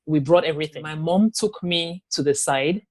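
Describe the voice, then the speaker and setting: A woman giving a personal testimony in an interview, telling her story haltingly with pauses, restarts and quoted dialogue. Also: low voice, a little mellow, no room sound. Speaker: interview guest.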